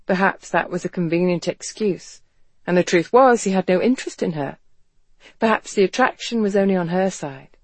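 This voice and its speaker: An audiobook narrator giving an expressive, measured reading of a romance novel. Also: medium pitch, slightly rough, no echo. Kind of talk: scripted narration.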